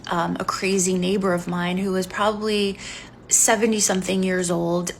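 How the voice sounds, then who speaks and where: A woman's voice: mid-range voice, gravelly, a bit bright, slight background noise. A woman in her forties speaking frankly in a candid vlog monologue, telling a personal story in a blunt, unfiltered way. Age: 40s.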